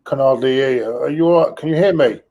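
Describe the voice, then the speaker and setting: A man's voice: mid-range voice, fast talker, mellow, lo-fi sound. A man joining a football fan stream by video call, giving sarcastic, firm opinions. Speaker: guest pundit. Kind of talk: casual football fan chat. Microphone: video call over weak internet.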